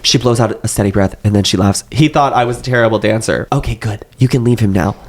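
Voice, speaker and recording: A man's voice: fairly low pitch, fast talker. A young man reading a novel aloud, with slight voice shifts for the characters and joking asides.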